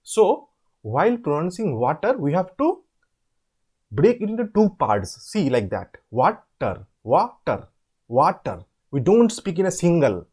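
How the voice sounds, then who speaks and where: Husky-voiced man tutoring online. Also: sits high, very animated, mellow. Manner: asks the listeners questions and answers them himself; repeats words slowly to show how they are said. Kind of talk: explaining an assignment step by step.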